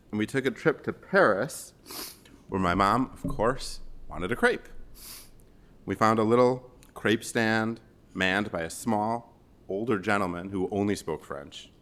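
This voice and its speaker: Man, 40s, from Chicago area; slightly low voice; gently humorous funeral eulogy. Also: a little slow. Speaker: son giving a eulogy. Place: funeral service.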